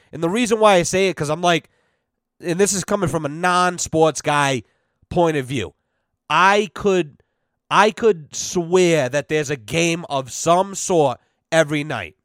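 A young adult man hosting a podcast, telling profane stories in a brash, animated way and acting out the exchanges he quotes. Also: a little high, no room sound, clean studio sound. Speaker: podcast host. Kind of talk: profane storytelling chat.

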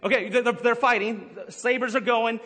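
Male pastor, high voice, jokey and teasing, live sermon in a reverberant hall. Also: fairly even intonation, pushed and bright. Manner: playful, teasing the congregation with jokes and quick asides. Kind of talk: humorous sermon. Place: large church hall with a live congregation.

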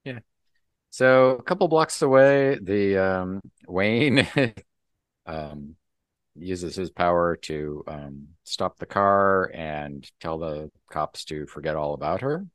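A man co-hosting a podcast, casually recapping a comic book in a rambling, relaxed way. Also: low voice, slow pace, no room sound, studio quality. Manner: relaxed, rambling, full of ums and laughs. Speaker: podcast co-host.

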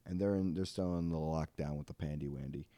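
Low, mellow-voiced young man rambling. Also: steady tone, a little fast, no room sound. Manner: rambling, self-deprecating, filler-heavy. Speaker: podcast host. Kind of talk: casual podcast monologue.

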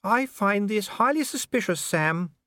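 A man's voice: high voice, expressive, measured pace, sharp tone, no echo, studio quality, pitched above the performer's own voice, exaggerated voice. A man voicing a proper, worried noblewoman who speaks in a genteel, fussy way. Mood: fussing. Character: proper, worried noblewoman, middle-aged wife. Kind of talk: audiobook character voice.

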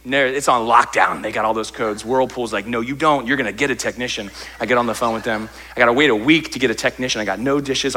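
Guy preaching, crisp bright voice, jokey storytelling, acts out his own gripes. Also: a little high. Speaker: pastor. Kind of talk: sermon.

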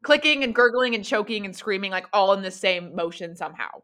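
Woman game master, bright tone, rambling casual narration of a tabletop session. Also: medium pitch, lively intonation, brisk. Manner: loose, rambling narration full of fillers. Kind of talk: narrating a tabletop role-play.

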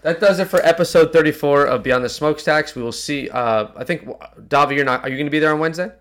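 A man's voice: fairly high pitch, fast, fairly bright tone. A man hosting a casual soccer podcast, loose and profane, often breaking into laughter. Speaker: podcast host. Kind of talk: casual chat.

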